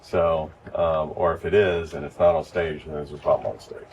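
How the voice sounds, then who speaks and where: A man with a very low voice gives casual, step-by-step training to church volunteers. He is recorded from a distance, and faint noise hangs behind him. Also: moderate pace, muffled recording. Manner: relaxed, explains step by step. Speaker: lighting instructor.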